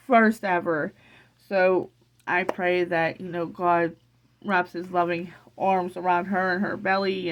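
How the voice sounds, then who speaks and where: A middle-aged woman talks straight to her viewers in a casual vlog, teary and bubbling with excitement. Her voice sits fairly low, and she rambles, restarting her sentences again and again. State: teary from crying. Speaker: vlogger.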